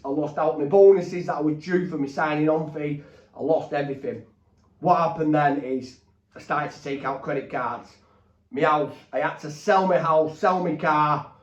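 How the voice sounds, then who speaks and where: A man's voice: on the high side, a little mellow. A man, a podcast guest telling his own story candidly in a blunt, swearing, rambling way. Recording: roomy, distant, dull.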